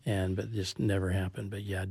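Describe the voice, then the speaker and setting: A man's voice: sits low, flat delivery, moderate pace, gravelly, darkish tone, slightly rough. A man hosting a casual sports talk show, rambling with many restarts. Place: studio.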